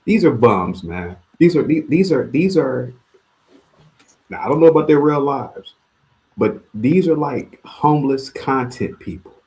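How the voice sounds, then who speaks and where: A man calls in to a livestream panel and rants with a lot of repetition. His pitch swings widely, and his delivery is heated and casual. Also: measured pace. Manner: ranting, repeats himself, animated. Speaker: call-in panelist. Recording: online livestream call.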